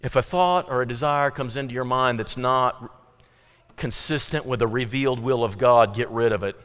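A man's voice: medium pitch, moderate pace, a bit bright, clean tone, in a large hall. A man preaching a sermon as pastor, emphatic and rising and falling in intensity.

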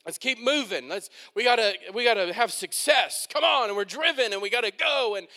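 A man in his thirties preaching a sermon with fervent, repetitive phrasing, rising to shouted peaks and excited whoops. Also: very high-pitched, a little fast. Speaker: pastor.

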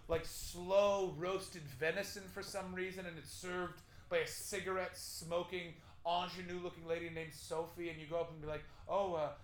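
A man's voice: high voice, level tone, moderate pace, few pauses, reverberant, a little hiss or hum, rough recording. Rambling man doing stand-up. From Canada. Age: 30s. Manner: rambling, self-deprecating storytelling with crude asides. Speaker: stand-up comedian. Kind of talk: stand-up comedy set.

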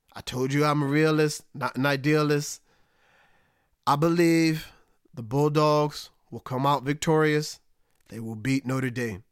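High-voiced animated male sports podcaster. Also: clean tone, dry recording, studio quality. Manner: animated, swings between high excitement and low, resigned asides. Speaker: podcast host. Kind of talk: solo sports podcast commentary.

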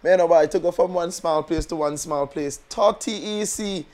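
A man, co-hosting a casual chat in a relaxed way, often stammering as he starts a sentence. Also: a little high, normal speed.

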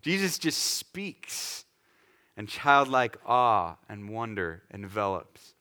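A man preaching a sermon in a lively, conversational way, acting out scenes for the congregation. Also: lowish voice, slow pace, clear, resonant tone. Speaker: pastor.

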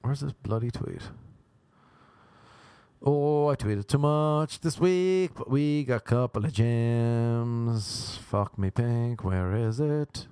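A man's voice: mid-range voice, slow pace, mellow, clear, resonant tone, no room sound. A young man doing a stand-up monologue, rambling and mocking, often slipping into silly put-on voices. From Ireland. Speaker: stand-up comedian. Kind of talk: comedic monologue.

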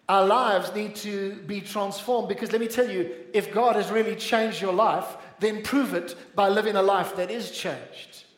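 High-voiced South African pastor preaching. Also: male voice. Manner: earnest preaching, calls out to the congregation. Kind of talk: sermon. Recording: echoey church hall.

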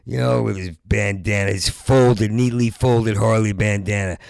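A man's voice: lowish voice, fairly even intonation, creaky, a little mellow, no room sound. An older man with Parkinson's telling a rambling, profane comic monologue, stammering and repeating sounds and trailing off into mutters. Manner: stammering, halting, repeats sounds at word starts. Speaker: stand-up comedian.

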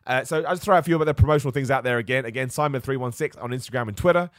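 A man hosts a live wrestling podcast in a chatty, rambling way, reading viewer comments aloud as he goes. He talks quickly and keeps up a steady stream of chat. The sound is dry and close, with no room echo. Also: medium pitch.

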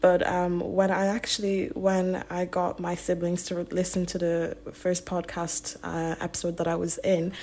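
This is a young woman with a light Irish accent blended with British sounds. She speaks in a lowish voice on a casual podcast and often stops to gather her thoughts. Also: monotone, measured pace, few pauses, warm tone. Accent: Irish, mixed with some British. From Nigeria, raised in Ireland. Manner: reflective, with frequent ums and restarts.

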